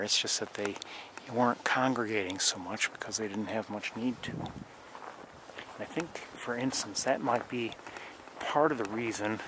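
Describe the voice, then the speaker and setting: A man with a fairly low voice narrates casually while guiding a birding tour along wet trails in light rain. He rambles, restarting sentences and using many fillers, against a noisy background.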